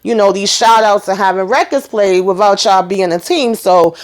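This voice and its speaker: A woman's voice: mid-range voice, moderate pace. A woman recapping a TV episode in a casual, emphatic way, tagging her sentences with "you know" and "okay". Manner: chatty, emphatic, acts out characters' lines. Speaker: TV recap host.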